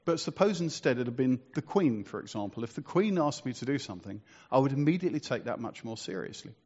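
A man's voice: medium pitch, lively intonation, quick pace, darkish tone, slightly rough, highs cut off. A man preaching a sermon in a conversational, storytelling way, asking rhetorical questions.

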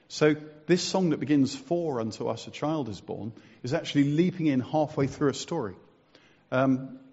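A man preaches a sermon in a slightly husky voice and asks his listeners questions as he goes. His voice rings with a long church reverb. The recording is dull and lo-fi. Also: mid-range voice, a little mellow. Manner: conversational, asks the congregation questions, self-mocking humour. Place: church hall.

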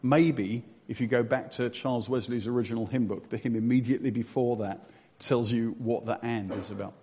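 A man's voice: mid-range voice, fairly even intonation, brisk, darkish tone, slightly rough. A man preaching a sermon in a conversational way. He asks the congregation questions and makes fun of himself. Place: church hall. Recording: long reverb, dull lo-fi church recording.

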